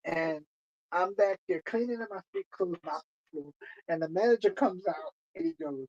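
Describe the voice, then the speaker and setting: A man's voice: high voice, normal speed, a little mellow, dull audio. A man casually telling a long story on a stream, rambling and repeating himself with lots of "you know.".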